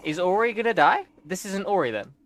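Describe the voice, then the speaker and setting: Animated young man reacting to gameplay. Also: high-pitched, brisk. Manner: excitable, emotional reactions with gasps, laughs and outbursts. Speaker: streamer playing a game.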